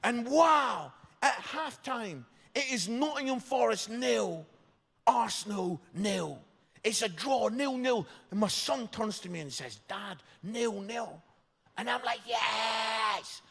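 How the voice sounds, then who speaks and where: A Scottish man in his fifties, a pastor telling comic stories in a sermon, animated and tagging his lines with "yeah?". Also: high voice, slow pace, creaky, slightly rough. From Scotland. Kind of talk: sermon storytelling. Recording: reverberant church hall.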